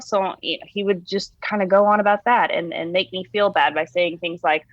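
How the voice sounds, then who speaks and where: A woman's voice: fairly low pitch, fairly even intonation, brisk, few pauses, no echo, lo-fi sound. A woman being interviewed, candidly recounting her own story in a casual, conversational way with restarts and fillers.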